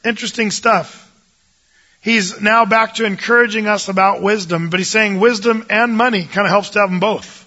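A man's voice: sits high, steady tone, normal speed, bright, forceful tone, highs cut off. A man teaching the Bible in a casual, jokey way, acting out the voices of biblical figures.

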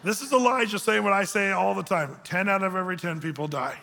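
A male pastor teaching through scripture in a relaxed, conversational way that he spices with dry jokes. His voice sits high and sounds bright and forceful. It rings out with a long reverb from a large hall. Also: fast, gravelly. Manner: conversational, joking asides. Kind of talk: sermon, verse-by-verse teaching.

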